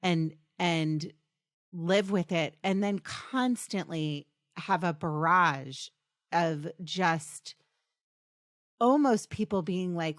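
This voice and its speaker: A woman's voice: lowish voice, no room sound. Empathetic woman podcast host, dry sound. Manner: empathetic, quick backchannels. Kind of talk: interview conversation.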